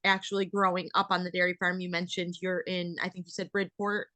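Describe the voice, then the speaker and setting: A woman's voice: lowish voice, level tone, a little fast, sharp tone, no room sound. Chatty American woman hosting a podcast. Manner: chatty, rambling with fillers. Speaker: podcast host, dairy farmer. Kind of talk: casual interview chat.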